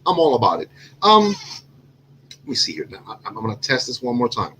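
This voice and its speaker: A man's voice: medium pitch, huge pitch swings, a little fast, pushed and bright, slight background noise, low-quality recording. Rambling man hosting a cigar chat. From Cuban. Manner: rambling, self-correcting, lots of fillers. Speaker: cigar show host. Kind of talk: casual chat.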